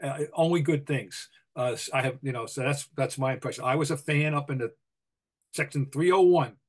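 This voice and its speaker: An older man with a Boston accent, co-hosting a sports podcast, opinionated and full of halting restarts. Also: mid-range voice. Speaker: podcast co-host, basketball writer. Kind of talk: casual sports talk.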